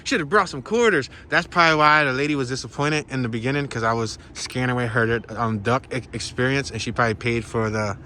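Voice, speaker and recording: A man's voice: mid-range voice, brisk, hardly any pauses, pushed and bright, a little hiss or hum. A man vlogging casually on a walking tour outdoors by a pond, playful and slangy as he jokes around. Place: outdoors by a pond in cold weather.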